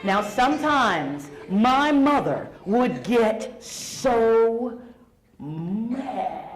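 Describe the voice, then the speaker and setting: Telling a story to schoolchildren in a school hall, this middle-aged woman is playful and animated, her voice on the high side, expressive and very slow. Roomy echo and faint hall noise come through in the recording.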